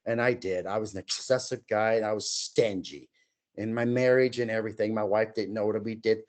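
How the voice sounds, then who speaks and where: This sixty-something guest talks a little fast in a lowish voice, spinning personal stories during an informal chat. He brings them to life by mimicking voices and sound effects.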